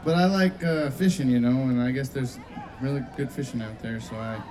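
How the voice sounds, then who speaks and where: A man's voice: mid-range voice, brisk, a crowd in the background, background noise. A man fronting a band, chatting easygoing and self-deprecating between songs at a live concert on a stage microphone.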